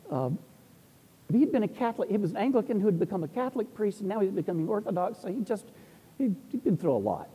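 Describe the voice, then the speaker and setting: A middle-aged man with a fairly high, husky and mellow voice tells wandering, humorous stories about church life as an Orthodox priest. His talk is loose and anecdotal. A long reverb rings around him, as in a large hall. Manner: rambling, humorous storytelling.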